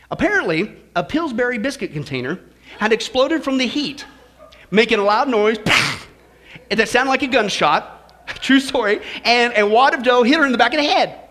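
A man preaching a sermon in church, folksy and joking, swinging from quiet asides to loud exclamations. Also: high voice. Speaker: pastor.

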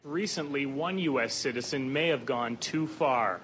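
A man reporting a news segment in a measured reporting voice. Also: mid-range voice, a bit bright, a little hiss or hum.

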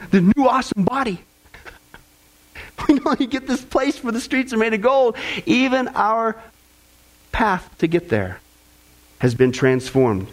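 High-voiced, emphatic male preacher. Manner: emphatic, swooping pitch, quotes deathbed words with rising fervor. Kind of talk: sermon.

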